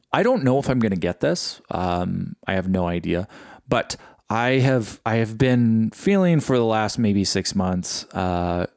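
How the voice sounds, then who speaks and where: A middle-aged man reflecting in a casual solo podcast monologue, halting and full of fillers and restarts. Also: deep voice, darkish tone, no echo, studio quality. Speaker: podcast host.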